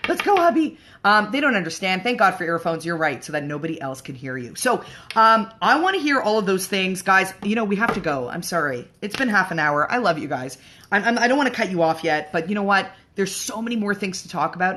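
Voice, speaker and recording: A woman's voice: deep voice, a bit bright. A woman hosting a casual livestream chat for moms, frank and profane, rambling along with plenty of fillers. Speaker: host of a live show for moms.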